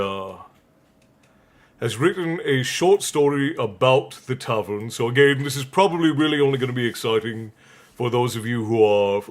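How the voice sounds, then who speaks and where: A man hosting a casual livestream who laughs often and reads out viewer messages. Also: medium pitch. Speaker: livestream host.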